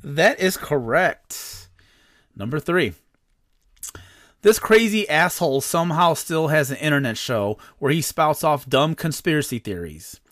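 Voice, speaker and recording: A man's voice: a little high, lively intonation, normal speed, a bit bright, no echo, clean studio sound. A man hosting a comedy podcast, reading quiz questions in a playful, mock-serious way. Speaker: podcast host.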